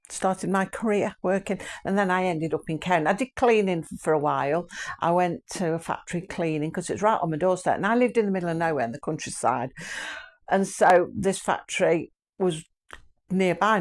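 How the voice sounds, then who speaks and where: A woman's voice: fairly low pitch, a little mellow. An older woman from England chatting casually as a channel host, rambling through memories with frequent laughs. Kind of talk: casual chat.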